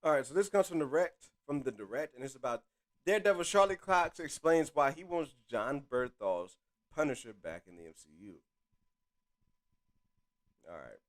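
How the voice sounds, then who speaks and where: A man's voice: on the high side, lively intonation, normal speed. Casual man hosting a live stream. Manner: chatty, reads articles aloud with asides.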